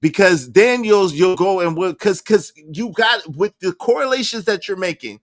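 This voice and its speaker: A man's voice: high-pitched, lively intonation, normal speed, no echo, clean studio sound. A man hosting a live stream, arguing with a guest and greeting chat members by name. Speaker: livestream host. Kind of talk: casual live-stream debate.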